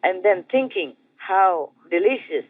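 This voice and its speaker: A man with an Indonesian accent, a spiritual master telling a teaching story in a gentle, repetitive way with soft chuckles. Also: sits high, animated, a little slow, dry recording. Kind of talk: storytelling dharma talk. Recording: tinny phone-like dry sound.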